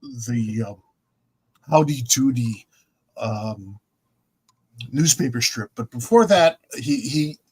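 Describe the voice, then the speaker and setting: Lively older man telling stories. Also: medium pitch, slow, pauses often, slightly rough, low-quality recording. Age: 70s. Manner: rambling anecdotal storyteller, repeats and restarts. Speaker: podcast host. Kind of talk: casual chat.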